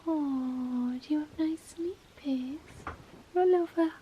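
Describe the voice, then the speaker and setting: A young woman, a vlogger, talking to her dogs at home in doting sing-song baby talk, with gasps and soft whispers. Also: sits high, takes it slowly, slight background noise. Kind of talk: casual vlog chat to her dogs. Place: home, indoors.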